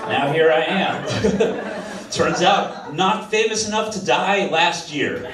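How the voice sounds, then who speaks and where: A man's voice: a little high, slow pace. A man from Massachusetts doing a stand-up comedy set on a club stage, wry and self-deprecating, on a handheld mic. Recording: roomy club, distant mic, noisy.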